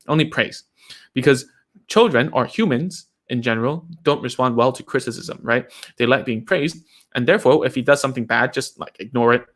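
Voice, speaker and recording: A man hosts a live session, giving casual advice as a speech therapist. His pitch is mid-range for a man. He talks in a chatty way, leaning on fillers and tag questions. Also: fairly bright tone. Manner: chatty, uses many fillers like "like" and "right?". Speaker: speech therapist host answering viewer questions.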